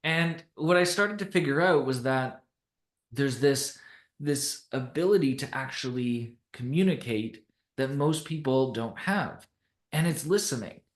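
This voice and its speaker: A young man from Canada shares a personal story on a podcast, relaxed and conversational. He laughs easily and tells his story with lively energy. His voice sits at an ordinary pitch, and the room adds a noticeable echo. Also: measured pace. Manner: animated, laughs often while telling stories. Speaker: podcast guest. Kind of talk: casual storytelling interview.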